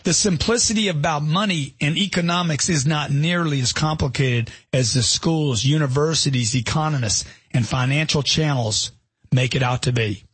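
Husky, emphatic middle-aged man. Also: a little high, moderate pace, dry recording. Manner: emphatic, punchy, rhetorical questions. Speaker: self-help author. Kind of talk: motivational narration.

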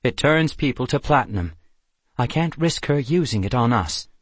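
A man reading an audiobook, voicing a dark unicorn in human form who speaks in a firm, clipped, commanding way. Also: medium pitch, lively intonation, normal speed, no room sound, lightly acted. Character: dark unicorn in man's form, cold and controlling. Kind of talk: audiobook character voice.

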